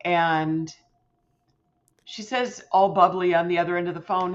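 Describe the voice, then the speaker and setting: A middle-aged woman, a podcast guest, telling a personal story in an animated way and acting out quoted voices with big jumps in pitch. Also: measured pace, pauses often. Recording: slightly muffled lo-fi sound.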